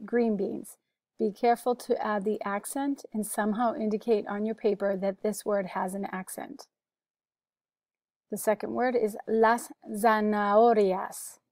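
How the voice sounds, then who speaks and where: An American woman teaching a recorded Spanish vocabulary lesson, slow and careful, saying each word twice for pronunciation. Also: mid-range voice, a little mellow, no room sound. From United States.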